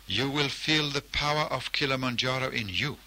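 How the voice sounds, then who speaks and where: A man's voice: medium pitch, moderate pace, bright, forceful tone. A man voicing a wise old male storyteller advising a child in a storybook tale, earnest and instructive.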